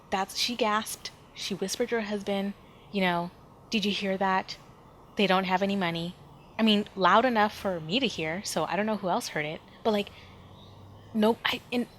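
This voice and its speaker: A woman hosting a podcast, telling a personal story in an animated, emphatic way, with frequent sighs and fillers. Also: medium pitch, a little hiss or hum. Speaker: podcast host.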